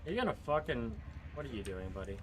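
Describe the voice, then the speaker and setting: A man playing through a video game on stream, talking casually over the action. He airs strong, profane opinions in a loose, offhand way, at an ordinary pitch for a man. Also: big pitch swings, fast talker, slight background noise. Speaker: gaming streamer. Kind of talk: casual gameplay commentary.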